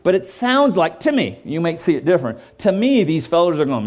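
A man's voice: a little high, sing-song, brisk, few pauses, a little mellow. A man preaching a sermon in a conversational way, often checking in with "okay?" and acting out quoted voices. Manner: acts out quoted voices and jokes. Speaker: pastor.

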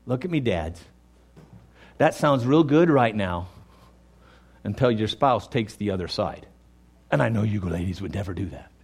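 Guy preaching, pretty high voice that swings all over, talks right at the crowd. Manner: emphatic, addresses the congregation directly; acts out quoted voices in dialogue. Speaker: pastor. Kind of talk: sermon.

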